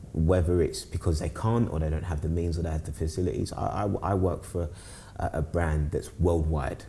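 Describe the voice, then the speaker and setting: There's slight background noise as a young man from South East London, England, speaks in a low voice with a London accent. He's a guest chatting casually, rambling, repeating himself, restarting often and getting lively when recounting stories.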